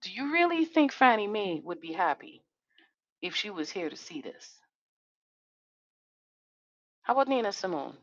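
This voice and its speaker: A woman hosting a podcast, delivering an impassioned monologue that is angry, profane and full of rhetorical questions. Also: mid-range voice. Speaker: podcast host. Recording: dull dry lo-fi recording.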